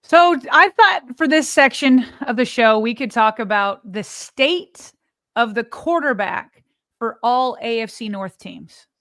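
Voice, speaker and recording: A woman's voice: fairly high pitch, measured pace, dry recording, studio quality. Emphatic woman sports podcast co-host. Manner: animated, emphatic opinions. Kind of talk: casual sports podcast talk.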